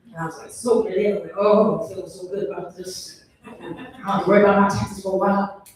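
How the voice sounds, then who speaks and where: A man performing a stand-up set, breaking into shrill high mock voices when he quotes people. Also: steady tone, a little fast, noisy background. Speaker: stand-up comedian. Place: comedy venue stage. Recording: very echoey hall from a distance.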